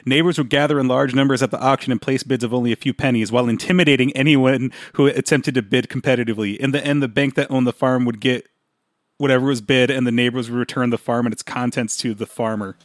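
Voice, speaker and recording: A man's voice: medium pitch, fairly even intonation, fast, no echo, clean studio sound. A man co-hosting a casual podcast chat, rambling and trailing off with chuckles.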